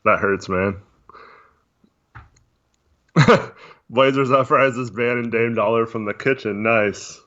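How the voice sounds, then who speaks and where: A man chatting casually on a livestream, talking in a monotone with many fillers while reading chat. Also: medium pitch, takes it slowly, long pauses. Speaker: podcast co-host. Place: voice only on a live stream. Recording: dull lo-fi stream audio.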